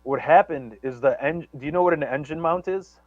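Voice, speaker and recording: A man's voice: fairly high pitch, brisk, dry recording, lo-fi sound. A man telling a long story on a live talk show, rambling and profane, with many restarts and stammers. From Chicago area. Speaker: guest storyteller.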